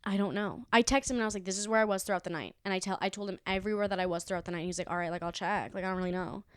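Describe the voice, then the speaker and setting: A woman's voice: medium pitch, fairly even intonation, rapid-fire, smooth, no room sound, clean studio sound. A young woman co-hosting a podcast, telling a frank story in casual chat, swearing freely and acting out the quotes. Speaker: podcast co-host. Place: indoors, room at home.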